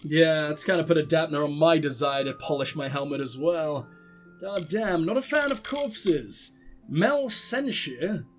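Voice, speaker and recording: Young male gamer, high-pitched, sardonic and profane, casual playthrough commentary over light game music. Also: lively intonation, unhurried. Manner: sarcastic, swears often. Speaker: let's play gamer.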